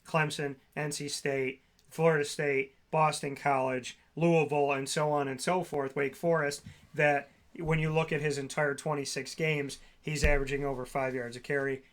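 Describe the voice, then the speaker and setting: A man's voice: a little high, little pitch movement, normal speed. A man co-hosting a sports talk show, reeling off stats and player names in long runs. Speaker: co-host.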